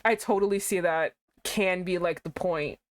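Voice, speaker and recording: A young adult woman streamer giving casual commentary on a game she is playing, reacting with animated outbursts. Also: normal speed, a little hiss or hum. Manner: animated, swings into high exclaims.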